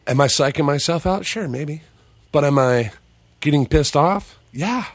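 A man, a paranormal investigator, telling a story as a podcast guest in a loose, profane, animated way, acting out what people said. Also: a little high, measured pace, dry recording. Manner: profane, animated, acts out quoted dialogue.

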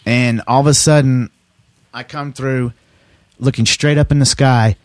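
A man's voice: medium pitch, fairly even intonation, a little slow, no room sound. A middle-aged man telling rambling, profane stories in casual chat, laughing as he goes. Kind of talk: casual storytelling.

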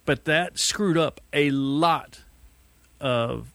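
A man's voice: fairly high pitch, drawn-out words, vocal fry, a bit bright, no echo. Wisecracking podcast co-host, a man. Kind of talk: casual podcast banter.

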